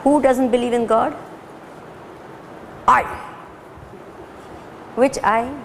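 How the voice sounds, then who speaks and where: A woman's voice: fairly high pitch, steady tone, drawn-out words. A woman with an Indian accent giving a spiritual lecture in a hall, questioning her listeners and slipping Hindi into English. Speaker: spiritual teacher. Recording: hall reverb, faint ambient noise.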